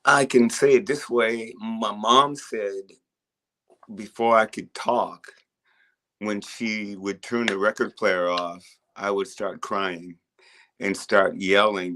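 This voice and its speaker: An older man talks in a low, easy voice, guesting on an interview. He rambles through childhood stories, stopping and restarting his sentences as he goes. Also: steady tone, slow pace, a bit bright. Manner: laid-back, rambling storyteller with frequent restarts. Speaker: rock musician guest. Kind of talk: casual interview chat.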